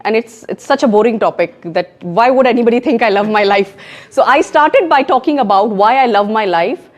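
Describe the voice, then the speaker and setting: A woman with a Pakistani accent giving an emphatic, animated talk on public speaking at a club meeting. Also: on the high side, brisk. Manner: emphatic and animated, mixing in Urdu phrases. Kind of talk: education session talk. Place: meeting room in a co-working space.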